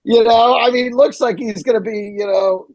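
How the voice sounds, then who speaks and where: A man co-hosting a fight podcast, joking in an animated, profane way. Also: very high-pitched, moderate pace. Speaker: podcast co-host. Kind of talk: casual chat.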